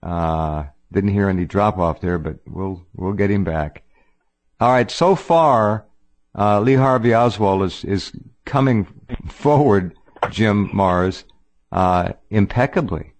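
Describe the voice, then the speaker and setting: A man's voice: lowish voice, slow pace. A man hosting a talk radio show who reacts in an emphatic, enthusiastic way. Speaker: radio host.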